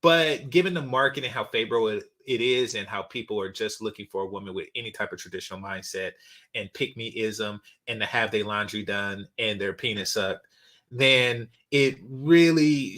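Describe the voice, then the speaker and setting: A man with a lowish, slightly bright voice speaks at normal speed as he hosts a casual reaction commentary channel. His delivery is blunt and meandering, with many fillers and restarts.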